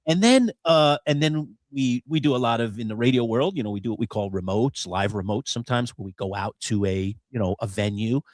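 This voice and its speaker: A man co-hosting a live show, spinning a rambling story full of "you know"s. His voice is mid-pitched and sounds dry and close. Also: brisk, few pauses, no room sound. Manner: storytelling, many fillers. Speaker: co-host. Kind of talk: live podcast chat.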